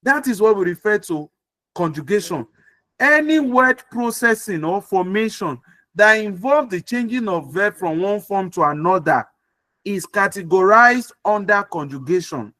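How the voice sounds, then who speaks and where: High-voiced tutor checking understanding. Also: male voice, expressive, unhurried, bright, forceful tone, dry recording. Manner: repeats points and checks understanding often. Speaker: English tutor. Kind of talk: online grammar class. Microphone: video call.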